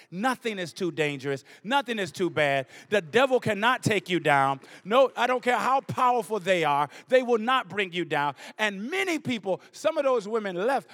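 A middle-aged bishop with a high, fairly bright voice preaches a sermon. He blends scripture with a personal story and drives his points home through rhythmic repetition.

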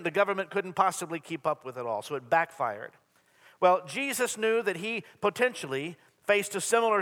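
A man's voice: high voice, a bit bright. Man preaching in an echoing church. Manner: earnest preaching with repetition and humor. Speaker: pastor. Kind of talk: sermon. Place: church sanctuary. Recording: long hall reverb.

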